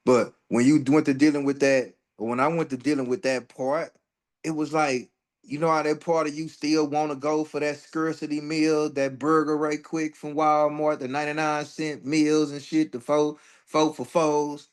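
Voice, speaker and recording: A man's voice: a little high, little pitch movement, normal speed. A man teaching an astrology workshop in a loose, profane, joking way. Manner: loose and profane, jokes and laughs between readings. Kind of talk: casual astrology workshop talk.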